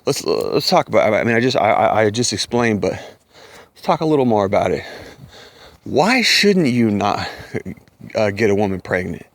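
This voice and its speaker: A man's voice: fairly low pitch, very animated, normal speed, no room sound. Blunt, profane ranting man. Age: middle-aged. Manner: profane, scornful, mocking voices of others. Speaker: commentator. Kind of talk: blunt rant to camera.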